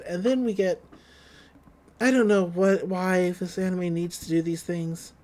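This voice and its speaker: A man's voice: sits high, fairly even intonation, a little slow, a little mellow. A man co-hosting a podcast, casually retelling an anime episode and paraphrasing the characters' lines. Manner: retells scenes, quoting characters in loose paraphrase. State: just woke up. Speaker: podcast co-host. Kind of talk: casual anime recap chat.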